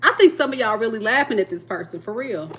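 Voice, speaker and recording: A woman's voice: a little high, lively intonation, fast, noisy background. A woman giving a live tarot reading, talking playfully to her viewers and often breaking into laughter. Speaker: tarot reader.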